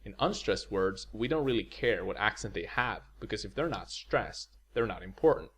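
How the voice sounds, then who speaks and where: A man's voice: lowish voice, animated, normal speed, a bit bright, a little hiss or hum. A man whose first language is Swedish, giving an upbeat, reassuring video lecture on pronunciation. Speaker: language teacher.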